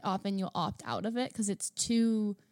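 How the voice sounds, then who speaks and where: A woman's voice: medium pitch, very animated, normal speed, a little mellow, dry recording, clean studio sound. A woman co-hosting a casual podcast chat, tentative and trailing off at the ends of her thoughts.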